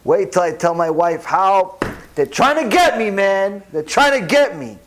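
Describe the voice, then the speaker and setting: A man voicing a big, hot-tempered ex-con who mutters to himself in a low, quiet voice. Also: sing-song, measured pace, exaggerated voice. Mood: grumbling.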